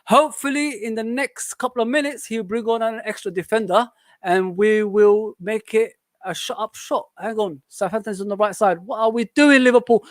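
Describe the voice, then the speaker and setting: Man, high voice, dry close sound, casual live match watch-along, excitable and frustrated. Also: moderate pace, no room sound. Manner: excitable, frustrated outbursts at the players. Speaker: co-host of a football watch-along.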